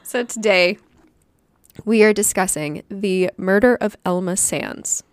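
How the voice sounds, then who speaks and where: A woman's voice: medium pitch, takes it slowly, clear, resonant tone, dry recording, clean studio sound. A woman co-hosting a podcast in casual chat, giggling often as she talks. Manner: giggly, laughs often between words. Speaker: podcast co-host and storyteller.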